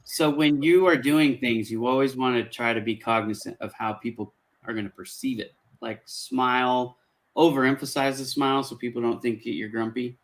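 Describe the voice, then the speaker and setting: A man in his forties hosts a casual conversation and lays out advice in an earnest, emphatic way. His voice sits in a middle pitch. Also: fairly even intonation, normal speed, rough recording. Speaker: host. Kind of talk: casual chat.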